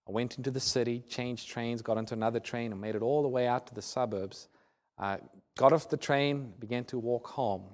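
A man preaching a sermon, telling a personal story in an earnest way and dropping to a soft, low voice in tender moments. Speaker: pastor.

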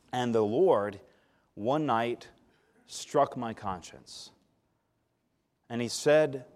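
A man preaching a sermon and telling a personal story, with a voice of ordinary pitch. He rises to loud emphasis and then drops to quiet, hushed lines. He stops to call for a response from the congregation. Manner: dynamic, swings from loud emphasis to hushed tones; calls for audience response.

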